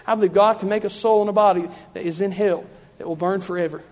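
A man's voice: high-pitched, steady tone, fast, darkish tone, long reverb tail. A man preaching a sermon in a church, fervent and repetitive in his cadence.

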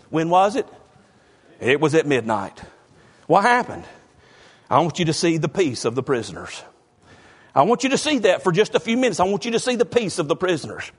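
A male pastor preaching a sermon, swinging from low, quiet talk to loud shouting and often saying "bless God.". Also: breathy edge. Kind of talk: fiery Southern-style sermon.

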